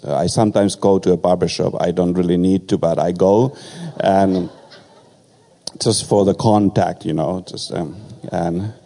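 An older man with a foreign accent, sharing a personal testimony with humor as a guest speaker at a church, in a halting storytelling way with many fillers. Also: sits low, dark tone. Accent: foreign accent in English.

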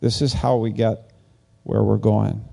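A man preaching in a loose, chatty way, his voice gravelly with a dark, mellow tone. He talks slowly and rambles, breaking into higher, lively voices when he acts out what others say. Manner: animated, rambling, acts out quoted lines in a higher voice. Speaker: pastor. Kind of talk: casual conversational sermon.

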